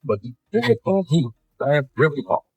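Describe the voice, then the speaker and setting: A man's voice: a little high, big pitch swings, moderate pace, breathy edge, no room sound, lo-fi sound. A man in his fifties doing a stand-up routine, rambling through self-deprecating asides with frequent restarts. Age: 50s. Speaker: stand-up comedian.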